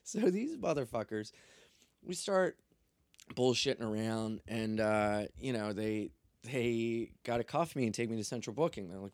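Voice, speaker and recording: A young man spins a story in casual, profane chat, full of jokes and offhand swearing. His voice sits at an ordinary middle pitch, and the sound is dry and close, with no room around it. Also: animated, measured pace, dry recording. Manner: profane, loose, joking.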